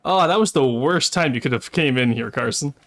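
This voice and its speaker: Expressive and fairly quick, a male streamer with a mid-range voice chats with viewers during live gameplay, breaking into swearing and exclamations whenever he's attacked.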